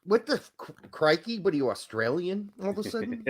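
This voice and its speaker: Ranting, swearing man with lively pitch. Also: brisk, slightly rough. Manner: blunt, profane and ranting. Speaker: podcast co-host. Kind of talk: casual soccer podcast chat.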